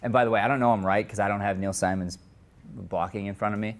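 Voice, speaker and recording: A man coaching actors in an acting studio, giving quick direct notes between takes. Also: on the low side, steady tone. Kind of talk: live coaching in an acting class.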